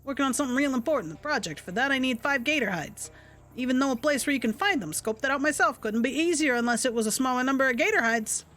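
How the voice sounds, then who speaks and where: A woman voicing a rough, boastful male hunter who talks in blunt, dropped-grammar speech. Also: sits high, animated, fast, a bit bright, faint music behind. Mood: gruff.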